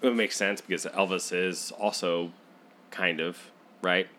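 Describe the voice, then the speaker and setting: A young man co-hosting a casual movie podcast, animated and jokey. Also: low voice, unhurried. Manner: animated, jokey, puts on brief voices. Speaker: podcast co-host.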